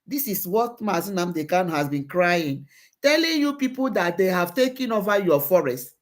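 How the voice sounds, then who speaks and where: A woman's voice: fairly low pitch, sing-song, moderate pace. A woman hosting a live online show, giving impassioned commentary and repeating phrases for emphasis.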